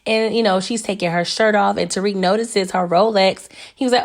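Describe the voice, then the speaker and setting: A woman with a strained, hoarse voice chatting casually through a TV episode recap, animated and laughing often. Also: mid-range voice, brisk. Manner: animated, laughing, talks to viewers as "y'all". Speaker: TV recap reviewer.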